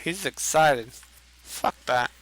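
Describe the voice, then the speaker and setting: A man's voice: on the high side, animated, slow, a bit bright, rough recording. A young man streaming a card game, rambling and swearing as he reacts to the plays. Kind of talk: casual gaming commentary.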